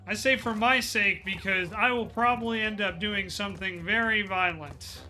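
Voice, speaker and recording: High, bright-voiced man streaming a game. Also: steady tone, normal speed, soft background music. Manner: chatty, blunt, grumbles at the game. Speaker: Twitch streamer. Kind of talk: casual gameplay commentary.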